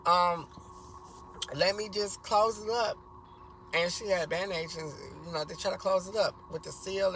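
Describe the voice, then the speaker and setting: High-voiced man telling a rambling story. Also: background noise. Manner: rambling, repeats phrases, swears freely. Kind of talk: casual storytime vlog.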